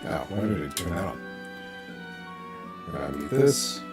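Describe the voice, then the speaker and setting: A deep-voiced streamer talks a little slowly, with big swings in pitch, as music plays behind his gameplay. He chatters casually to his audience and himself, muttering and cursing under his breath. He uses a desk mic.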